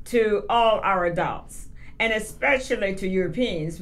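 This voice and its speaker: A woman from the Carolinas, a schoolteacher guest on a radio talk show, speaking in a gentle, polite, lecturing way. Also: medium pitch, moderate pace.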